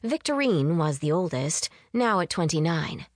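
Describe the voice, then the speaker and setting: Woman narrating a story in a low, dry voice. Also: no room sound. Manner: measured, even storytelling. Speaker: audiobook narrator. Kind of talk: scripted narration.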